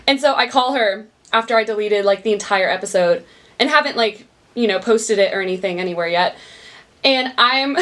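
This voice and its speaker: A woman's voice: on the high side, normal speed, fairly bright tone. Bubbly young woman podcast host. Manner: bubbly, upbeat, laughs often, addresses listeners as "you guys" and "y'all". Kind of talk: casual solo podcast chat. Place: small recording studio.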